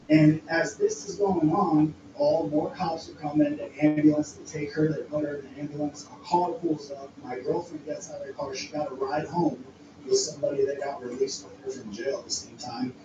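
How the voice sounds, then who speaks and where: A man rambles through a story from his past, frank and loose, restarting his sentences and swearing as he goes. His voice sits a little high and reaches the mic from a distance. The room rings with heavy echo over a noisy background. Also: normal speed, dull audio. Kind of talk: casual conversational storytelling. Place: home studio room.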